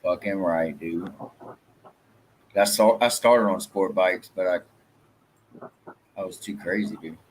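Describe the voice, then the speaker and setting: Man, lowish voice, relaxed swearing banter, faint hiss. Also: takes it slowly, pauses often. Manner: profane, laid-back banter. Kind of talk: casual chat. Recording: faint background noise.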